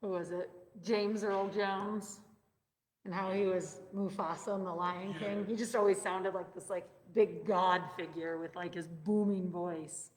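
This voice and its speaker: A woman leading a mindfulness and stretching class in a room with a group present. She chats casually, then speaks softly and slowly while guiding breaths. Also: lowish voice, steady tone. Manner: chatty and upbeat, turning soft and slow when guiding breaths. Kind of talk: casual chat and guided meditation. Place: indoor room with a live group present, also streamed online. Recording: echoey room with long reverb.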